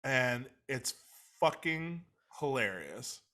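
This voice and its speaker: A man's voice: medium pitch, very animated, takes it slowly, pushed and bright. A young man co-hosting a podcast in loose, jokey casual chat, steering the topics. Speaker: podcast co-host.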